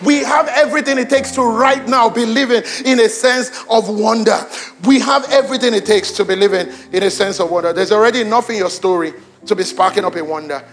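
Animated pastor, high voice. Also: male voice, brisk. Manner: animated, switches between loud exclamations and hushed emphasis; repeats lines for emphasis, addresses congregation directly. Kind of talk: sermon. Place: church auditorium with congregation.

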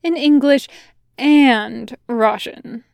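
A woman narrating a piece of fan fiction aloud in an even storytelling manner. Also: high voice, drawn-out words, gravelly, dry recording. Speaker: podfic reader.

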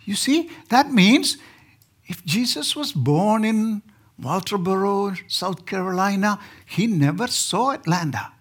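A man's voice: sits high, animated, measured pace. A man from India with an Indian accent, preaching as a guest speaker and joking with the congregation. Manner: joking, asks the congregation questions. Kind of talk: sermon.

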